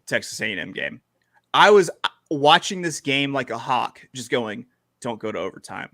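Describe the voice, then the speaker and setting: A man co-hosting a casual sports podcast, joking crudely and telling animated stories. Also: mid-range voice, moderate pace, dry recording, clean studio sound. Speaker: podcast co-host.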